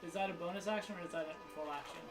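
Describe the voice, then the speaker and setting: A man playing in a tabletop game, joking and lively. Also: a little high, racing. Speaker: player. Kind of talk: casual tabletop game chat. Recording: distant mic with loud music.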